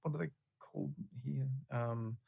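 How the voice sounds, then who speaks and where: A man's voice: mid-range voice, measured pace, gravelly, slightly rough, muffled recording. A man hosting a casual pop-culture podcast, rambling with frequent fillers and easy swearing. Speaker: podcast host. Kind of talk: casual chat.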